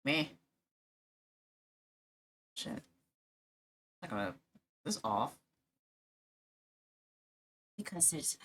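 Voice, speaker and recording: A woman's voice: low-pitched, big pitch swings, drawn-out words, long pauses, a bit bright, breathy edge. A woman streamer chatting casually while drawing, rambling, giggling often and joking at her own expense. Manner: giggly, rambling, self-mocking.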